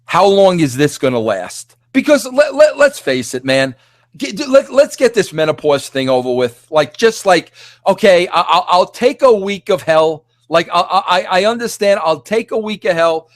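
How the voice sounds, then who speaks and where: A middle-aged man hosting a podcast, ranting in a rambling, excitable way full of restarts and filler words. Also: high-pitched, normal speed, no echo, studio quality. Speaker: podcast host. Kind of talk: animated solo rant.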